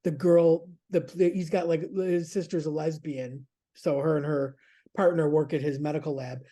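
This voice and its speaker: A man's voice: on the high side, fairly even intonation, normal speed, dark tone. A man chatting casually as a podcast's regular news contributor, rambling, laughing and swearing freely.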